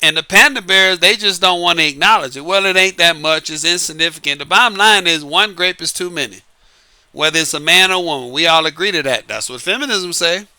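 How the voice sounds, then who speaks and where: A man's voice: high voice, brisk, sharp tone, no room sound. A man from New Orleans with a light Southern accent, talking through dating advice in a casual, emphatic monologue, repeating his points and chuckling between them. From New Orleans, Louisiana.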